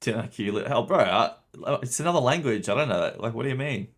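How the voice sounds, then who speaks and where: A young man with a medium-pitched, animated voice talks at a quick pace while streaming a game. In this casual livestream commentary he chats with viewers, swearing and laughing often.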